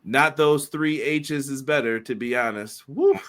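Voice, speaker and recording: A man co-hosting a casual wrestling podcast, talking in a loose, chatty way. His voice is bright and forward. He keeps stopping to read out comments from listeners. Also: medium pitch, unhurried. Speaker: podcast co-host.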